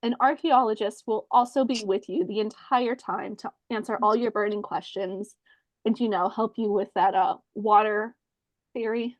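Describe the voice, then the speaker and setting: A woman's voice: mid-range voice, steady tone, normal speed, dry recording, lo-fi sound. A woman co-hosting a comedy podcast, chatting playfully and reading out trip details. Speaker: podcast co-host. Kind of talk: casual comedic chat.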